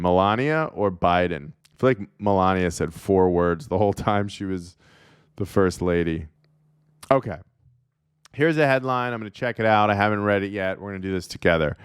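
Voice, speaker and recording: A man's voice: on the low side, smooth, dry recording, clean studio sound. A man hosting a comedy show, riffing sarcastically through a monologue and laughing at his own jokes. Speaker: comedian host.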